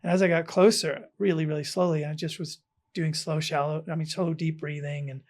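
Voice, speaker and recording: Podcast guest from South Africa, man, light voice, earnest storyteller who goes quiet and hushed. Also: a little high, level tone, fairly quick. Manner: earnest, dropping to hushed tones. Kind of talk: personal storytelling in an interview.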